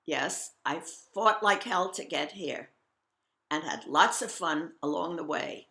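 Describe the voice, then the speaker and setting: A woman's voice: sits low, slow, pushed and bright, roomy sound. An older woman from Scotland reading her personal memoir aloud, reflective with wry humor. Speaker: memoir reader.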